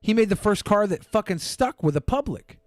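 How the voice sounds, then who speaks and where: A man's voice: high-pitched, lively intonation, fairly quick, dry recording, clean studio sound. A man co-hosting a podcast, chatting in a crude, mocking way and acting out voices. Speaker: podcast co-host. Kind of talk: casual comedic chat.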